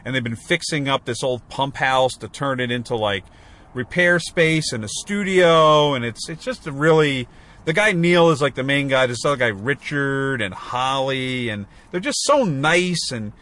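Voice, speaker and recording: With lively intonation, a medium pitch, and a fairly bright tone, a man co-hosting a podcast talks at a moderate pace. The conversation is casual and rambling, full of fillers and restarts.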